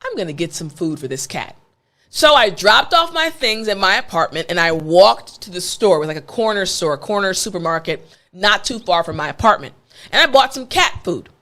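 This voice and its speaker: A woman's voice: medium pitch, very animated, moderate pace, fairly bright tone. A woman with an American accent, an English teacher telling a story in a playful, conversational way. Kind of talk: storytelling lesson.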